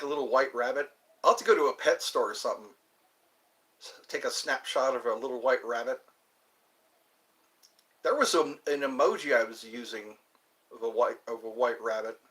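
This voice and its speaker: A man with a medium-pitched, fairly bright voice hosts his own channel in a rambling casual vlog. He's chatty, meanders between topics, and puts on playful voices.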